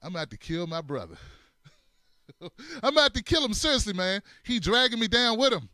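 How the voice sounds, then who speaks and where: Man, comedy show host, lively swinging pitch, laughs often, swears, dry close sound. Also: normal speed, dry recording. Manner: animated, laughs a lot, swears, acts out voices. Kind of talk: comedic commentary.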